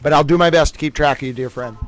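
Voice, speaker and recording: A man hosting a livestream trivia game, reading out names and scores and chatting with viewers in a lively way. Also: fairly high pitch, fast talker, dry recording. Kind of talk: casual livestream chat.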